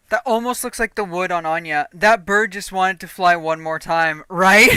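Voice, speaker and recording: A woman streaming a game and chatting casually, profane and quick to laugh. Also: lowish voice, pushed and bright, clean tone, no echo. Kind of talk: casual gaming stream chat.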